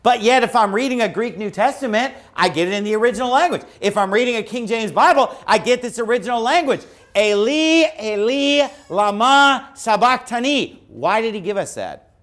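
Male preacher, high voice, emphatic and argumentative, sermon to a congregation. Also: lively intonation, quick pace. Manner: emphatic, argumentative, often mocking opposing views. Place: church.

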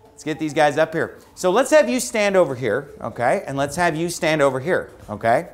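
Man, high-pitched, preaching a sermon, emphatic, combative, mocking tone. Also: animated, moderate pace. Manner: emphatic, argumentative, often mocking opposing views. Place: church.

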